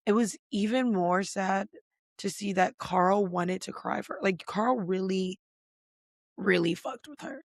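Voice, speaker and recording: A woman hosting a podcast, recapping reality TV in casual, emphatic talk full of swearing and "like" fillers, and getting louder when she is indignant. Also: medium pitch, measured pace, dry recording, studio quality. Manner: fired up, rising loud when indignant. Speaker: podcast host.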